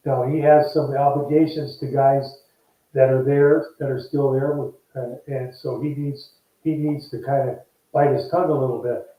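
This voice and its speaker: An older man who used to play ball chats through a casual interview at normal speed and medium pitch, telling animated stories and voicing the characters in them. The remote line is distant, echoey and dull.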